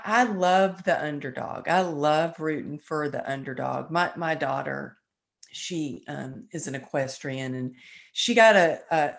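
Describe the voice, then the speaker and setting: A woman's voice: sits low, vocal fry. A woman guest telling a personal story with feeling, acting out the voices of the people in it. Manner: animated, emotional, acts out quoted dialogue.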